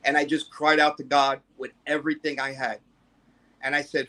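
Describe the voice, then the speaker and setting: A man's voice: fairly high pitch, flat delivery, normal speed, bright, forceful tone. A man guest telling a personal story in a rambling way, full of fillers and restarts.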